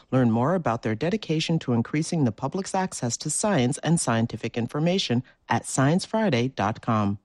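A man announcer reading sponsor credits in a smooth, even way. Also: mid-range voice, no room sound. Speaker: radio announcer.

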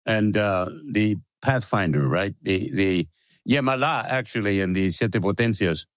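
An older man, a playwright and interview guest, talking in a measured, reflective way with pauses and restarts. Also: fairly low pitch, no echo.

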